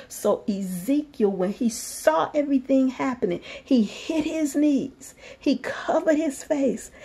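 Woman, sermon, scripture reading, slightly high voice, mellow dark tone. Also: animated, measured pace, vocal fry. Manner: reads scripture then preaches freely, shifts from soft whispers to fervent emphasis. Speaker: minister teaching scripture.

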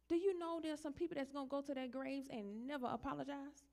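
A middle-aged woman minister preaching a sermon in a church, talking plainly to the congregation and then building to loud, high, emphatic passages. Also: fairly even intonation, fast talker, creaky, few pauses.

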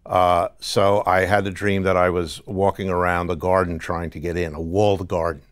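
A man guest in an interview, recounting a dream in a halting way with restarts. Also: low voice, little pitch movement, dry recording. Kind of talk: testimony interview.

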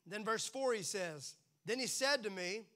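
In this church sermon, a male pastor speaks with a ringing, bright, high-pitched voice. His delivery to the congregation is lively and playful. He repeatedly breaks into brief impersonations before settling back into ordinary talk.

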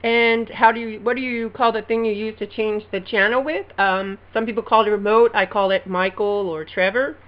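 A woman with an Alabama Southern accent reads a list of words for her vlog in a relaxed, giggly way. Her voice sits in a middle pitch. The home recording sounds somewhat dull and lo-fi. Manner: casual, giggly, reading words slowly. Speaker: vlogger. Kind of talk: casual word-list vlog.

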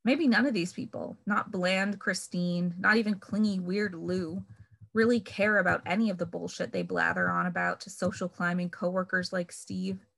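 A woman reading aloud from her own novel in progress, measured and wry, leaning on key words for emphasis. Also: fairly low pitch, steady tone, vocal fry, a bit bright.

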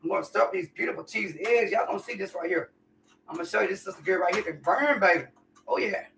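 A woman's voice: medium pitch, fast talker, gravelly, a bit bright, far from the mic, a little hiss or hum. A woman chatting folksily to viewers during a live cooking stream in her home kitchen. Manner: folksy, chatty, calls viewers y'all and honey. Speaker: home cook livestreamer. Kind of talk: casual live cooking chat.

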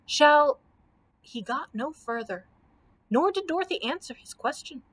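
Higher-voiced librarian reading a story. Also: female voice, moderate pace. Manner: expressive storytelling. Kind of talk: children's book read-aloud.

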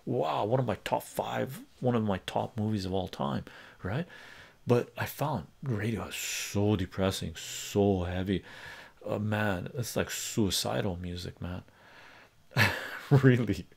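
A man's voice: on the low side, a little slow, gravelly, breathy edge. A man hosting a live stream, chatting casually, reading chat messages aloud and rambling with many restarts. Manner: rambling and conversational, many fillers and restarts, reads lyrics aloud.

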